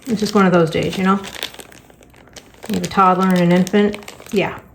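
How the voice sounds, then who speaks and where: A woman's voice: lowish voice, steady tone, normal speed, creaky, a little hiss or hum. Middle-aged woman with dry sarcastic humor. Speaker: crafting vlogger and teacher. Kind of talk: casual storytelling chat while crafting.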